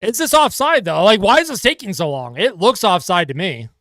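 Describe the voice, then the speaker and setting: A man streams live fan reaction and play-by-play commentary, exasperated, swearing and ranting about calls. His high voice is sing-song, fairly quick and a bit bright, in clean studio sound with no room sound.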